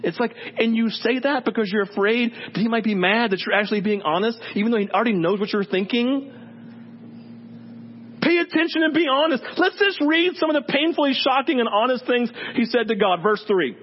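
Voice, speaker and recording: A man preaching a sermon in an animated, joking way, acting out the voices of people he quotes. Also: very high voice, brisk. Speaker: pastor. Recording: dull sound with faint hum.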